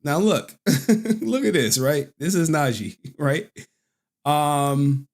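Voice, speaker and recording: A male streamer with a somewhat high voice chats loosely about clips, repeating himself and rambling. He keeps dissolving into giggling fits. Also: expressive, takes it slowly, a little mellow. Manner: giggly, breaks into frequent laughter. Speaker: streamer host. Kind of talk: casual commentary on clips.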